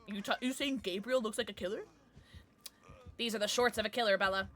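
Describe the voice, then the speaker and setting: A young woman livestreams a game in a mid-range voice, a little fast, chatting casually with viewers. Excitable, she shrieks at sudden scares, then turns chatty and apologetic.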